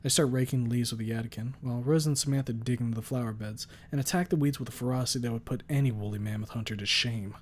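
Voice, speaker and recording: A man reads a visual novel aloud as its first-person narrator. His voice sits at a middle pitch, and his delivery is even and steady. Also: racing, few pauses.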